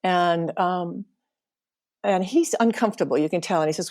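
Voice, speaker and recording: A woman's voice: mid-range voice, animated, moderate pace, darkish tone. A middle-aged woman telling a personal travel story, emotional and laughing now and then as she recalls it. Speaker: podcast storyteller.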